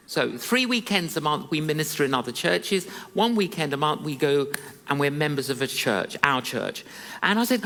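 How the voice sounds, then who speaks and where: A preacher tells a story in a lively, joking, conversational manner, at a mid pitch. The voice rings through a church hall with a long reverb behind it. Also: moderate pace. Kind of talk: sermon storytelling.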